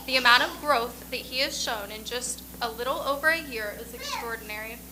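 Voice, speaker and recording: A woman's voice: a little high, expressive, fairly quick, noisy background. A woman school staff member honoring a student, reading quotes from colleagues and speaking to him in a proud, encouraging way. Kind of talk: ceremony speech reading staff tributes.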